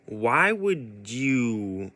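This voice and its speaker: A man's voice: mid-range voice, sing-song, very slow, pushed and bright, dry recording. A man giving a casual spoken monologue as a vlogger, rambling with many restarts.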